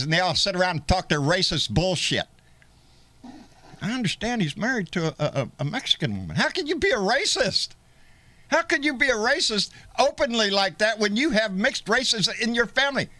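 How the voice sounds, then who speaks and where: A man's voice: high voice, no echo. Furious profane man ranting. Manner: profane, taunting, shouting insults. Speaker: live show host. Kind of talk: angry live-stream rant.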